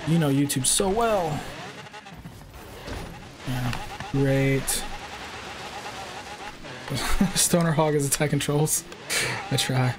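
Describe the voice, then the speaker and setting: A man in his twenties, his voice on the high side, draws out his words and leaves long pauses while streaming a racing game. He's brash and sweary, jabbing at trolls in chat, with loud engine noise behind him.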